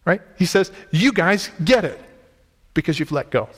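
A man's voice: sits high, animated, normal speed. A man preaching a sermon, retelling scripture in casual everyday words, with an emphatic, conversational delivery. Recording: reverberant hall.

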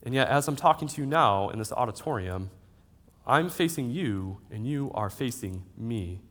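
A man in his thirties preaching a sermon in a church auditorium, swinging between loud, emphatic lines and soft, drawn-out ones. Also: medium pitch, lively intonation. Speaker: pastor. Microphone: handheld or headset mic.

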